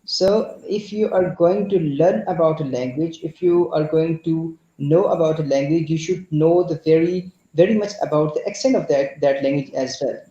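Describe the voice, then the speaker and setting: Pakistani-accented man, class participant, halting delivery, mellow tone, slightly high voice. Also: roomy sound, muffled recording. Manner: hesitant, many fillers and restarts. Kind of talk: explaining in an online conversation class.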